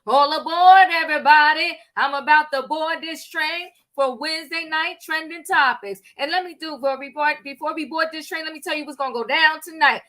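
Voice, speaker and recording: An older woman hosts with a high, bright voice that rings out clearly. She chats in a lively, playful way, leaning on slang and filler words. She sounds like she is running a casual gossip panel. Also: brisk, hardly any pauses. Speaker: host.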